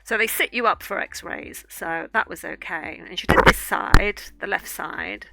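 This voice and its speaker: A woman's voice: medium pitch, a little slow, creaky, very noisy. A woman art streamer casually telling a rambling story while she draws, with lots of fillers and restarts.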